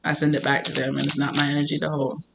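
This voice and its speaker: A man giving a casual tarot reading to camera, animated and emphatic, often breaking into laughter. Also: on the high side, fast talker, vocal fry, heavy background noise. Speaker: tarot reader.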